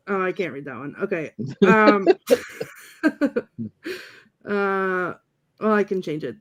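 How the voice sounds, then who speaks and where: Casting note: woman co-host, reads quotes aloud in a light, laughing way, mid-pitched. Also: animated, slow pace, long pauses. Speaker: podcast co-host. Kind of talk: reading movie quotes aloud, casual chat.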